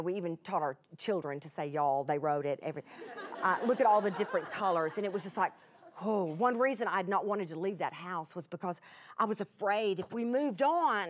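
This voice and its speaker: A middle-aged woman, telling an emotional personal story in a folksy, chatty way that turns tearful at times. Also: mid-range voice. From United States. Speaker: Bible teacher guest.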